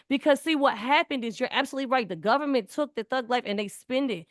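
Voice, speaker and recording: A woman's voice: fairly high pitch, expressive, fast, few pauses, no room sound, clean studio sound. A woman in her forties, talking in an earnest, emphatic way in casual conversation and often repeating words. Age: 40s. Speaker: community speaker.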